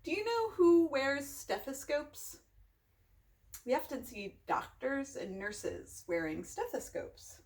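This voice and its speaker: A woman hosting a children's storytime, reading a picture book aloud and gently asking the listeners questions. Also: sits high, expressive, takes it slowly. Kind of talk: interactive read-aloud for children.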